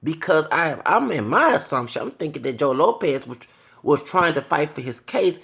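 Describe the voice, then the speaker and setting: A vlogger in his thirties rants angrily to camera, swearing heavily and pausing now and then to apologize for the language. His voice sits on the high side with vocal fry and a fairly bright tone, very animated at a moderate pace.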